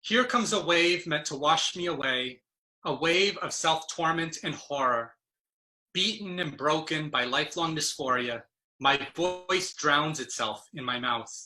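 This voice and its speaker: A woman's voice: deep voice, measured pace, pushed and bright, rough recording. A woman poet speaking over a video call, reading her own poems aloud with an earnest, emphatic delivery.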